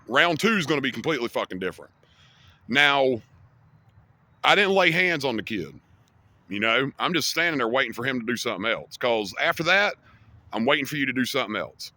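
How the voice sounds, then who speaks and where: A man's voice: mid-range voice, sharp tone. Profane man telling a street story. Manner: heavy swearing, rambling with many fillers. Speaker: vlogger. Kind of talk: casual storytelling to camera.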